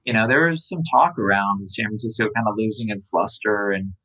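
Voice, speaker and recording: A startup founder talking casually in an interview, relaxed and rambling, with many fillers. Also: male voice, lowish voice, a little fast, low-quality recording. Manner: relaxed, filler-heavy, lots of "um" and "like".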